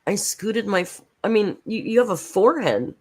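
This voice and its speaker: A woman's voice: mid-range voice, lively intonation, normal speed, darkish tone, breathy edge. Blunt sarcastic lady ranting on her reaction stream, swears a lot, mid voice. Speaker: reaction channel host. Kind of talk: casual commentary on a livestream.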